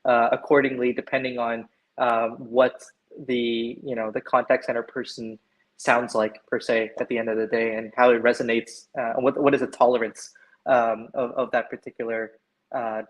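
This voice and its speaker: A man's voice: medium pitch, little pitch movement, normal speed, rough recording. Man explaining on a video call. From Canada. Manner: explanatory, frequent "right?" tags. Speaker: panelist. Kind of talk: webinar panel discussion.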